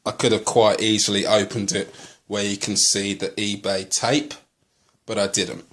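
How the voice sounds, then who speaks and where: A man from the UK filming a casual unboxing video as a collector vlogger. He speaks haltingly and turns to angry ranting, full of swearing. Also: fairly low pitch, little pitch movement, a bit bright.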